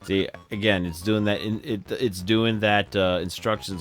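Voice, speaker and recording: A man's voice: on the low side, steady tone, unhurried, fairly bright tone, faint music behind. A man hosting a game stream in casual chat, drowsy and yawning, rambling and correcting himself as he plays. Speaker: streamer host.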